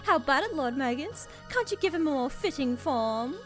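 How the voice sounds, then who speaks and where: A woman's voice: sits high, lively intonation, normal speed, soft background music. A woman voicing a pompous, sneering male fiend villain from a game, mocking his foe. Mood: taunting. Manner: taunting, mocking.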